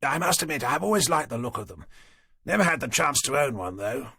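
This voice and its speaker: A man's voice: medium pitch, big pitch swings, brisk, gravelly, bright, forceful tone, husky, no echo, full character voice. A man reading an audiobook, voicing a kindly old aristocrat with a clipped upper-class English accent and dry, self-mocking humour. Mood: genial.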